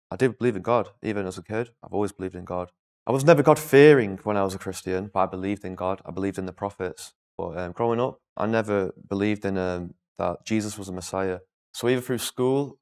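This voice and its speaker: A young man from northwest England, telling his life story as an interview guest in a candid, halting way. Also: on the low side, a little mellow. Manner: candid, repetitive, halting restarts. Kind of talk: personal testimony interview.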